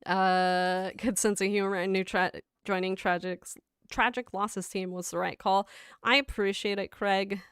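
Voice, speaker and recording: A woman hosts a game stream in an easy, rambling chat, reading viewers' names and laughing between lines. Her voice comes across smooth and clean, with a relaxed, slow pace, close to the mic in a dry room. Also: medium pitch, dry recording. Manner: chatty and rambling, reads chat aloud, laughs often. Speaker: livestream host. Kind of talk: casual livestream chat while gaming.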